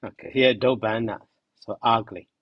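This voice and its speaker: A man teaching a grammar lesson, repeating each term slowly and giving its meaning. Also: fairly low pitch, fairly even intonation, no room sound, muffled recording. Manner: slow, repeats terms and glosses them.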